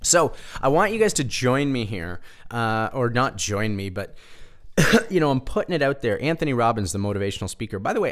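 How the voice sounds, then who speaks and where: Candid, rambling man with a lively voice. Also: mid-range voice. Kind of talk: casual monologue.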